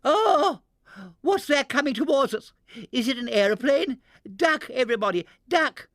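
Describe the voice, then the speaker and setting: A man voicing a prim, excitable lady bear. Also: a little high, unhurried, no room sound, clean studio sound. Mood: alarmed. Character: excitable, genteel female bear.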